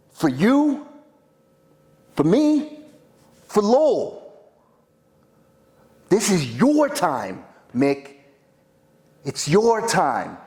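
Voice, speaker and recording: A man playing an older brother and boxing trainer, giving an urgent pep talk that swings between loud pushes and hoarse whispers. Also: sits high, pitched above the performer's own voice, exaggerated voice. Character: boxing trainer big brother, washed-up and fiercely pushing.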